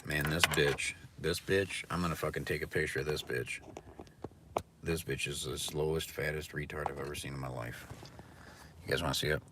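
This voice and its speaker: A man's voice: extremely low pitch, steady tone, moderate pace, background noise. A man livestreaming a casual, profane rant, talking bluntly and mockingly. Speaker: live streamer. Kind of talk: casual ranting monologue. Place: indoors near a mirror.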